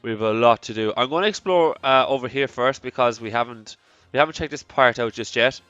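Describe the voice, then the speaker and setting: A man's voice: medium pitch, fairly quick, hardly any pauses, a bit bright, smooth, dry recording. An Irish man hosting a let's play, talking casually and rambling with plenty of restarts and self-deprecating asides. The sound is dry, with faint music behind him. The recording is slightly dull. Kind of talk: casual gameplay commentary.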